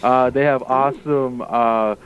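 A man's voice: medium pitch, steady tone, a little slow, slight background noise. A man calling in as a guest to promote his workplace, upbeat and full of "uh" fillers, heard over the phone. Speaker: guest, casino staff member. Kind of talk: promotional radio interview by phone. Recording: tinny phone line.

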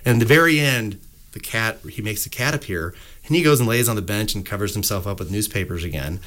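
A middle-aged man talking into a studio mic as a radio guest. He tells stories with animated swings in pitch and loudness and slips into playful voices for the people in them. His talk is loose and rambling, full of fillers. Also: a little fast. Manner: animated storyteller, acts out voices in anecdotes. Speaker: musician guest. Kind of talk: casual radio interview. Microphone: studio microphone.

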